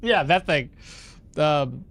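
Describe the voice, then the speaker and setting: A man's voice: on the high side, fairly bright tone. A man streaming a game live, chatting casually and self-deprecatingly, reading chat aloud as he plays. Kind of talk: casual live gameplay commentary.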